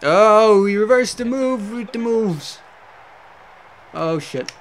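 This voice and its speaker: Lively rambling young man gaming. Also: high voice, takes it slowly. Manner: rambling, self-mocking, swears often. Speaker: let's play host. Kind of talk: casual gameplay commentary. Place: at home with a cat.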